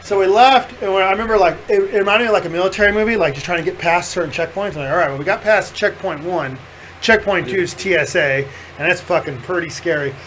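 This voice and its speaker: A man hosting a podcast, telling a story in casual chat, animated and profane, often laughing as he talks. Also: sits high, quick pace, a little hiss or hum, poor audio. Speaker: podcast host.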